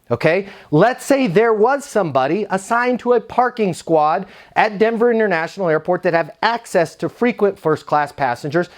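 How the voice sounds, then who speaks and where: A man with a fairly high voice tells an energetic story in a casual, conversational way. He sounds relaxed and animated, like he is speaking to a room of salespeople. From United States. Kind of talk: storytelling talk.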